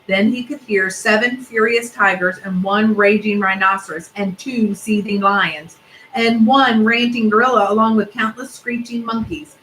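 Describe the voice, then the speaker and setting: Woman, storybook read-aloud, bright clear voice, steady expressive narration, faint background noise. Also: mid-range voice, moderate pace, low-quality recording. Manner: steady, expressive narration with asides about the pictures.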